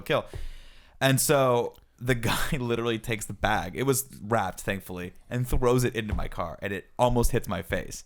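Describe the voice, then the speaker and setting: A young man with a somewhat low voice rattles through a story on a casual podcast. He talks quickly and acts out what each person said. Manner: animated storyteller, acts out quoted lines. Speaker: podcast co-host.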